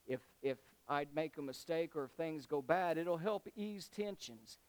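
Folksy bible teacher guy, animated, casual slang, kinda high voice. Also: unhurried, clear, resonant tone, poor audio. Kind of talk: Bible study storytelling.

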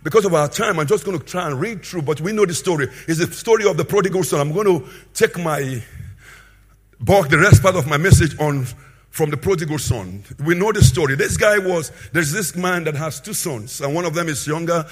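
A man preaching a sermon with a husky voice, swinging between loud emphatic bursts and quieter asides. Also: a little high, a little fast.

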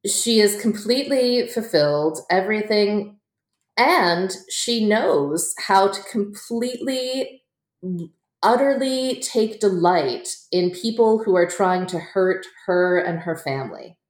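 A woman author talking as a guest in a relaxed interview, chatty and quick to laugh, full of fillers. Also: mid-range voice. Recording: echoey room.

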